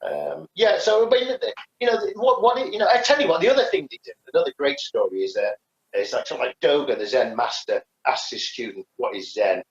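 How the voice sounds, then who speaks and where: A man's voice: fairly high pitch, lively intonation, fast, vocal fry. A man co-hosting a casual podcast chat, rambling with many restarts and fillers. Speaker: podcast co-host, karate teacher. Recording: echoey, dull lo-fi sound.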